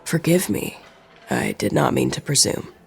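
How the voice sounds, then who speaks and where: A narrator voicing a scheming man who makes a smooth, persuasive offer on the phone. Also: mid-range voice, expressive, unhurried, full character voice.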